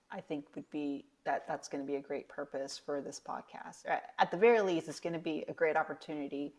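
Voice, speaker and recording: A young woman co-hosting a casual podcast, chatting in a rambling way with many fillers. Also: low-pitched. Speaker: podcast co-host.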